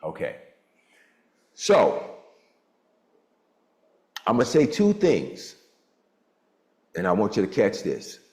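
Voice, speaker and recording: A man in his sixties hosting a motivational group on a video call, talking with a lively preacher-like cadence. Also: slow pace, long pauses, reverberant. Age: 60s. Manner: animated preacher-like cadence, swoops in pitch. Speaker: mastermind group host.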